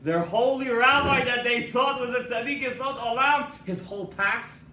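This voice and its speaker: Bright-voiced rabbi preaching in an echoey hall. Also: male voice, very high-pitched, moderate pace. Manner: emphatic storytelling, asks the audience questions. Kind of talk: sermon with a story. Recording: echoey hall from far off with faint noise.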